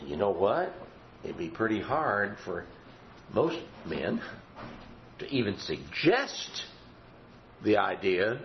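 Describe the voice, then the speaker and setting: A man delivers a sermon slowly and deliberately, leaning on rhetorical questions. His pitch rises and falls widely for emphasis. The recording is slightly dull, with a faint hiss behind him. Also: very animated. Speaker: preacher. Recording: slightly dull audio with faint background noise.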